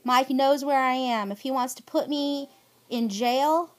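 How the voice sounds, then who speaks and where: A middle-aged woman with a drawl and a high voice records an aggrieved personal statement for her viewers. Her delivery is emphatic and pleading. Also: measured pace. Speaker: vlogger.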